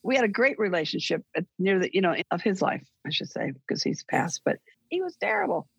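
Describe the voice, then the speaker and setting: A woman's voice: mid-range voice, sing-song, brisk, creaky, breathy edge, no echo, muffled recording. An older woman, a guest, telling stories in a rambling, self-correcting way during casual chat.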